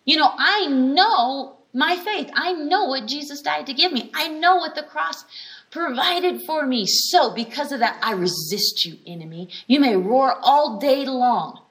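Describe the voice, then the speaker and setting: A woman's voice: sits high, expressive, measured pace, a bit bright. A woman giving a conversational teaching sermon at a healing school, telling stories animatedly and stressing points with repeated phrases. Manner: frequent restarts and brief laughs.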